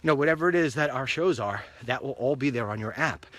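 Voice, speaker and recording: A man talks on his phone mic as he strolls along an outdoor street, rambling through his plans in a chatty, upbeat monologue. His voice is bright and forceful, with a middling pitch. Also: animated, fast. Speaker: online show host. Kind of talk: casual walk-and-talk monologue.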